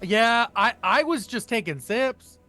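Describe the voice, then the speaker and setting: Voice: mid-range voice, animated, measured pace, sharp tone, faint music behind. A tabletop game player in casual stream chat, sheepish and joking.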